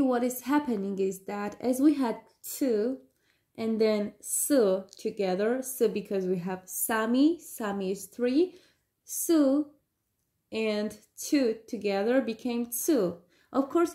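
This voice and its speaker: A woman's voice: on the high side, mellow, echoey room. A woman giving an online language lesson, explaining patiently and stopping now and then with fillers. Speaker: language teacher.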